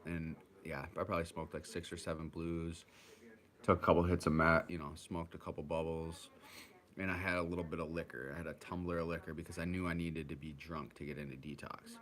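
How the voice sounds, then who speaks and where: Casual Midwestern man, lowish voice, rambling story, swears a lot, mimics people. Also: little pitch movement, a little fast, a bit bright. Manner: rambling, profane, acts out voices of others. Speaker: vlogger recounting his addiction.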